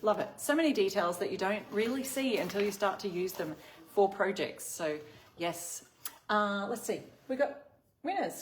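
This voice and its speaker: A woman's voice: mid-range voice, animated, moderate pace. An Australian woman hosting a casual craft livestream, chatting and reading out viewer comments. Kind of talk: casual live-stream chat.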